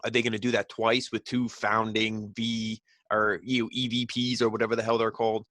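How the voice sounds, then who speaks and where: A man's voice: fairly low pitch, little pitch movement, a little fast, a bit bright, dry recording. A man casually recapping a wrestling show, rambling with lots of fillers and blunt, opinionated remarks.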